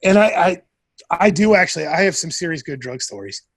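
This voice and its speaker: A man's voice: on the high side, lively intonation, brisk, creaky, dry recording. A man around forty from Nebraska, a podcast guest telling stories in a casual, profane way and acting out what people said. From Nebraska, USA. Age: 40s. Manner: profane, retells events by acting out quoted dialogue. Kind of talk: casual storytelling.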